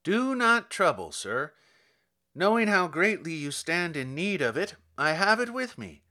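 A man's voice: high-pitched, sing-song, a little slow, pushed and bright, exaggerated voice. A man voicing a courteous, long-winded police officer who explains at length. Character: polite, rambling middle-aged male police officer.

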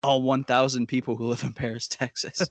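A man's voice: medium pitch, little pitch movement, a little fast, dry recording. A man co-hosting a podcast in casual chat, jokey and playful. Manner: jokey, does goofy voices and mock ads. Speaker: podcast co-host.

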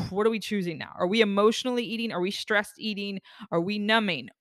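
A woman hosting a self-help talk podcast, speaking earnestly in a rambling, expressive way. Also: medium pitch, a little fast, few pauses, dry recording, clean studio sound. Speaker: podcast host.

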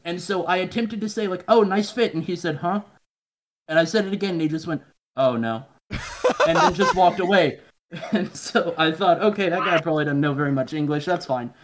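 A man's voice: high-pitched, a little fast, noisy background. Profane rambling man telling stories. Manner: profane, rambling, acts out quoted people in mumbly voices. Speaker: podcast guest. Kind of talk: casual storytelling chat.

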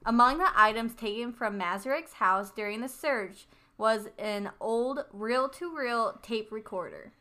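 True crime podcast girl reading the case stuff, kinda sharp bright voice. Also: a little high, measured pace. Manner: reads case details, tentative asides. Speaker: podcast co-host.

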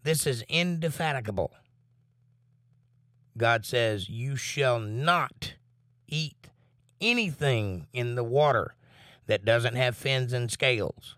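A man leading a Bible study in a mid-pitched voice, reading verses in a slow, deliberate way and stressing the key words. He breaks off with blunt, plain-spoken comments between the verses. The recording is dry and close, with no room sound. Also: fairly bright tone, no room sound. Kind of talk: reading scripture aloud with commentary.

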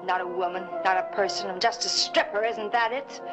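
A woman's voice: mid-range voice, fairly even intonation, fairly quick, over music, lightly acted, low-quality recording. An actress playing a volatile stripper in her thirties. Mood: bitter. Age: 30s. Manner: defensive, turning bitter and cutting. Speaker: film actress. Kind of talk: 1960s film drama acting.

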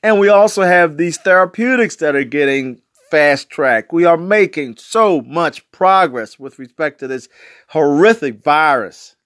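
A man's voice: on the high side, animated, unhurried, a bit bright, dry recording, studio quality. A man in his sixties from West Baltimore, delivering an emphatic political commentary monologue with repetitive, slangy phrasing. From West Baltimore, USA. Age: 60s.

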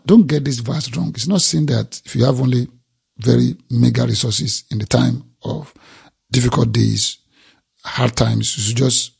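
A man's voice: medium pitch, vocal fry, a little mellow, breathy edge. A man preaching a sermon, emphatic and repeating key phrases for effect.

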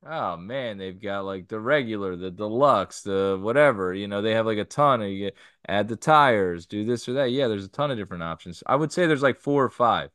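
Smooth, low-voiced podcast host man. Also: lively intonation, brisk, fairly bright tone, no room sound. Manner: easygoing, steering the topics. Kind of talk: casual chat.

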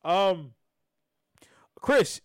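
A man hosting a podcast, talking sports casually, animated, swinging between loud and soft and often restarting his sentences. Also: high voice, drawn-out words, clean tone, dry recording, studio quality. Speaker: podcast host.

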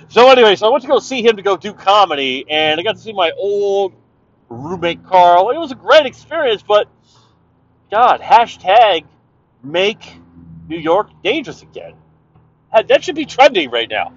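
A man from Canada, loud and profane, rambling through a casual monologue while driving. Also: sits high. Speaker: vlogger. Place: driving in a car. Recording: dull lo-fi sound, car noise.

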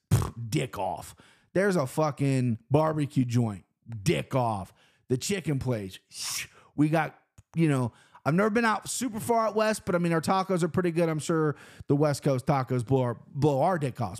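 A man's voice: fairly high pitch, big pitch swings, moderate pace, darkish tone. A man from Cincinnati telling a loose, profane, rambling story, recapping his weekend in casual talk. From Cincinnati, Ohio, US. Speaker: vlogger.

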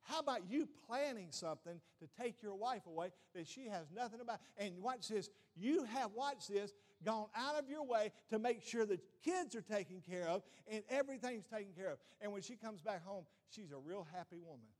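A man's voice: high voice, lively intonation, normal speed, hardly any pauses. A middle-aged male pastor preaching a sermon with emphasis, often saying "watch this" and putting questions to the congregation.

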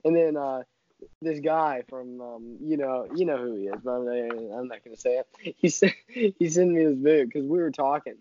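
A man co-hosting a podcast, telling a story in a relaxed, chuckling way. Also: mid-range voice, normal speed. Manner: laid-back storytelling, chuckling often. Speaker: podcast co-host. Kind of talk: casual chat. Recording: dull lo-fi audio with faint hiss and clicks.

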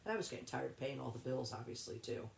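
Interview guest: woman, gravelly low voice, rambling and halting, echoey room. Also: animated, a little hiss or hum. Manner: rambling, halting, with many restarts. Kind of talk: personal storytelling in an interview.

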